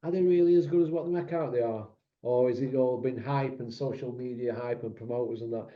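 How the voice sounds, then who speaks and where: A man hosting a casual chat show, relaxed and chatty, asking drawn-out questions with fillers. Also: mid-range voice, highs cut off. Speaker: host.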